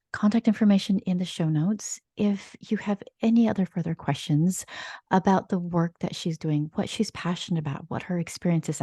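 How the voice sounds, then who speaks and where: Lower-voiced woman hosting a podcast. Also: no echo. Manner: warm, affirming, effusive with praise. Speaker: podcast host.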